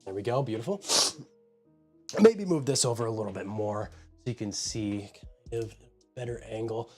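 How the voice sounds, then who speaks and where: This man's voice is low-leaning and warm, at a moderate pace, with soft background music. He's live-streaming from a room in his home, rambling casually as he greets viewers by name and shows his pet enclosures.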